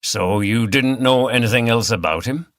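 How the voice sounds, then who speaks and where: A man's voice: mid-range voice, normal speed, a bit bright, no echo, studio quality, lightly acted. A man reading the part of a male chief inspector who is courteous, firm and direct. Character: polite, persistent male police chief inspector.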